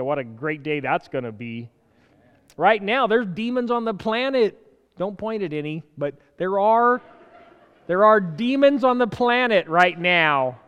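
A man preaching a sermon in an animated way, swinging from loud, urgent bursts to quiet asides, with the odd chuckle. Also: sits high, clear, resonant tone, long reverb tail, lo-fi sound.

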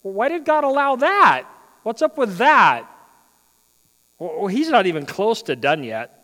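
A male pastor preaching a sermon, swinging between loud, emphatic runs and quiet, joking asides. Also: high-pitched, big pitch swings, measured pace. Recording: long reverb of a large hall.

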